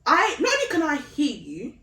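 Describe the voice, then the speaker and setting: A woman co-hosting a podcast in casual faith conversation, animated, telling stories with laughter and acted-out quotes. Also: sits high, fairly quick, gravelly. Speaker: podcast co-host. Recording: echoey room, distant mic.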